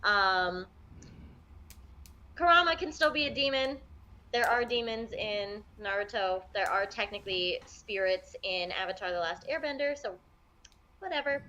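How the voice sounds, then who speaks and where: Woman, bright tone, chatty, hedging, casual panel talk. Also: medium pitch, animated, unhurried, dull audio. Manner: chatty, with fillers and hedges. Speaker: podcast panelist. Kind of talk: casual chat.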